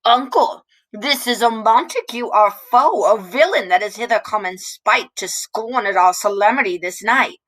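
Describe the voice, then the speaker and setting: A woman's voice: medium pitch, moderate pace, hardly any pauses, a bit bright, no echo, close to an everyday voice, low-quality recording. A woman reading the lines of a hot-tempered young nobleman, in clipped, angry declamation.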